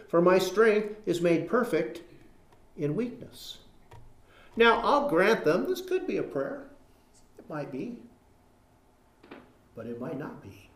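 A man's voice: high-pitched, echoey room. A man preaching a sermon, reading scripture aloud and arguing through rhetorical questions and acted-out dialogue.

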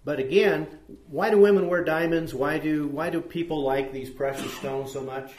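A man's voice: a little high, normal speed, darkish tone. Brief: man, Bible study leader, conversational, questions to group, reads scripture, echoey room. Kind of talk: interactive Bible study teaching.

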